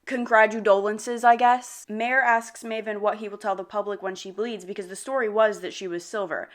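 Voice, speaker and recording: A young woman with an animated, slangy manner gives a casual book recap full of dramatic asides. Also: mid-range voice, normal speed.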